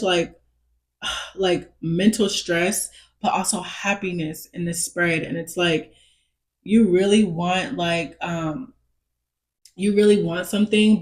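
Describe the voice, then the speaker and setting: A woman's voice: fairly low pitch, a little mellow. A woman giving a casual pick-a-card tarot reading straight to her viewers, reassuring them, repeating her points and checking in with "okay?". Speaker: tarot reader.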